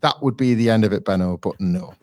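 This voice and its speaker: A man's voice: fairly low pitch, a little mellow. A man, a podcast co-host, telling a story with energy and often laughing. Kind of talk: casual podcast review chat.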